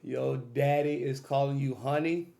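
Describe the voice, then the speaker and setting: A man's voice: mid-range voice, fairly even intonation, a little slow, creaky, background noise. A young man hosting a reaction video, casually commenting in an incredulous, mocking way.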